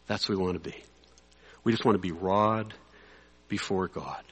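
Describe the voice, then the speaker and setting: A man preaching a sermon to clergy, conversational and animated, sometimes dropping to a quiet, intense hush. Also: deep voice, moderate pace, slightly rough, big-room sound, low-quality recording.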